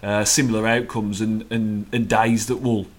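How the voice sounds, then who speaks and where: A man with a Black Country accent chatting as co-host on a relaxed football podcast. He talks in an easygoing way, pausing and restarting his sentences as he thinks. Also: fairly low pitch. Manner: easygoing, hesitant, many fillers and restarts. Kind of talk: casual football podcast chat.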